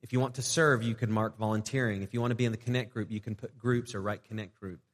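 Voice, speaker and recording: A man's voice: lowish voice, steady tone, fast talker. A man preaching a sermon as pastor of a young church, in a conversational way, often restarting phrases and acting out short prayers. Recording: long church reverb.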